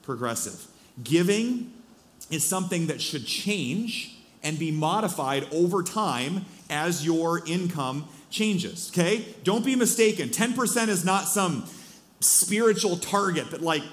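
A man's voice: on the high side, expressive, a little slow. A male pastor preaching a sermon in a church, speaking conversationally with many fillers and restarts.

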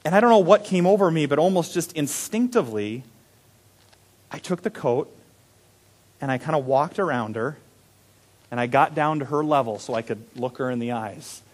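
A young adult man preaching a sermon as a pastor, telling a story with animated delivery that swings from loud emphasis to hushed, quiet moments. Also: a little high, normal speed, pauses often.

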